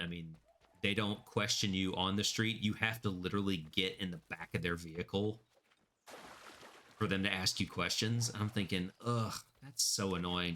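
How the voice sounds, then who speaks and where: A man's voice: sits low, sharp tone. A man chatting casually while streaming a game, rambling and laughing often. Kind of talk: casual gameplay commentary.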